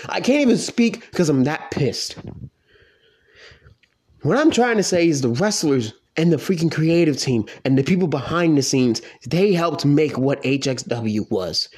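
Man, angry profane rant, higher voice that swings wildly up and down. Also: a little mellow. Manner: profane, heated, pitch swinging widely. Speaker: online wrestling league fan.

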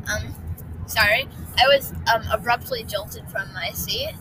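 A groggy woman co-hosting a casual family podcast with her son, animated and giggly with lots of ums. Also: on the high side, unhurried, noisy background. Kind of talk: casual family chat and storytelling.

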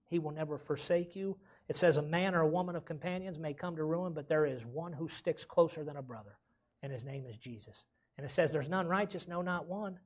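Husky-voiced preaching pastor man. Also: a little high, a little mellow. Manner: preaching with rising emphasis and frequent "amen?" calls. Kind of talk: sermon.

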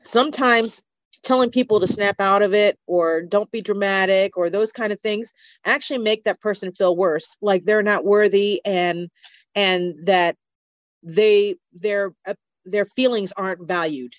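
A woman's voice: mid-range voice, unhurried, no echo. A woman speaking as a podcast guest in a candid conversation, earnest, open and reflective. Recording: dull lo-fi podcast audio.

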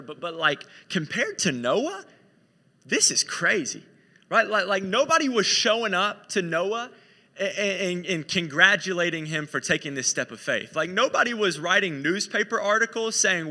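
Man, preacher, chatty storytelling sermon, fairly high, long church-hall reverb. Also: big pitch swings, normal speed, bright, forceful tone. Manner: conversational storytelling, repeats "like".

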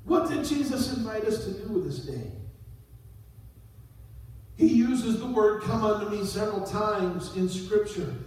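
A middle-aged man preaching a sermon as a pastor, dropping low and then rising to sudden shouted peaks. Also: animated, unhurried, pauses often. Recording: echoey hall, voice from far off.

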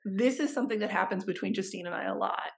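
Gravelly-voiced woman telling stories. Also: medium pitch, fast. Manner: warm, expressive storytelling with acted quotes. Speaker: therapist, guest author. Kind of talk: casual interview chat.

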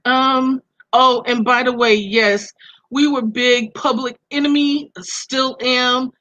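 Slow-talking woman with a Brooklyn accent. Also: high-pitched, steady tone, bright, forceful tone, no room sound, muffled recording. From Brooklyn, USA. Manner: slow, heartfelt, reflective talk. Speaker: guest. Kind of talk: casual chat.

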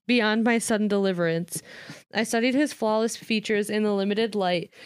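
A woman reads a novel aloud in a smooth, clear voice, then drifts into loose retelling full of "like" and easy laughter. She is recorded close and dry, with no room sound. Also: medium pitch, no echo. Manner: reads a novel aloud, breaking off to paraphrase with lots of "like"; laughs often. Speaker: reader and commentator. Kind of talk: casual read-aloud with chat.

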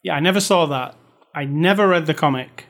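On the high side, creaky and a bit bright, this man's voice moves a little fast. He hosts a movie review podcast, joking and chatting casually with his co-host and reading aloud with dramatic emphasis.

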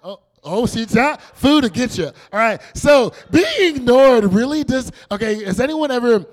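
A man's voice: extremely high pitch, normal speed. Playful young man preaching to youth. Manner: animated, playful storytelling with acted quotes. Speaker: youth pastor. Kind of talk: casual youth sermon.

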